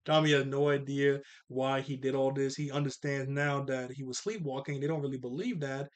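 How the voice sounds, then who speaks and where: A man's voice: medium pitch, steady tone, a little fast. A young man casually recapping a cartoon episode, laid-back and slangy, with chuckling asides.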